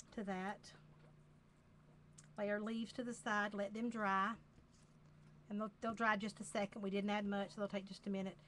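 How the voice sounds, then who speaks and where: A woman with a Southern accent demonstrates a craft project live, chatting unhurriedly and repeating phrases as she works. Her voice is mid-range, with slight background noise.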